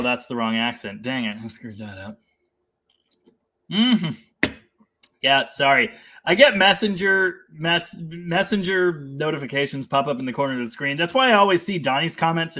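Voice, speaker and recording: A man's voice: mid-range voice, normal speed, bright, forceful tone, slight background noise. A man hosting a casual live stream about cars, reading out viewer comments, laughing often and rambling with enthusiasm. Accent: Canadian.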